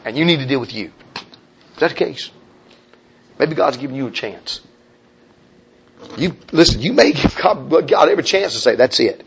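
A male preacher telling a personal story in a sermon, swinging between hushed confiding tones and loud urgent appeals. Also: medium pitch, animated, normal speed, long pauses, slight background noise. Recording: dull lo-fi recording.

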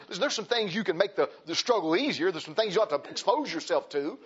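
A pastor preaching in a folksy, animated way, his high voice leaping up and down through every phrase. There is a husky grain to his tone. The recording is dull and lo-fi. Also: fast talker, hardly any pauses. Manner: animated, folksy preaching, swings from shouts to hushed. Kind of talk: sermon.

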